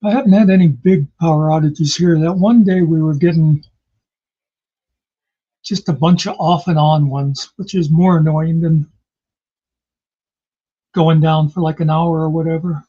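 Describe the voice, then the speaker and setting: A man in his sixties with a husky voice, chatting casually as a host and telling rambling jokes and memories. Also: on the high side, fairly even intonation, a little slow, long pauses, warm tone. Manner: rambling storyteller, laughs at his own jokes. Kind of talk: casual chat. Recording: dull lo-fi recording.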